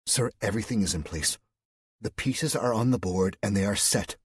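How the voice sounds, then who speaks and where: A man's voice: lowish voice, normal speed, husky, dry recording, studio quality. A man voicing a loyal female officer who speaks respectfully but firmly to her commander. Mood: earnest. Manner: respectful but firm, pleading.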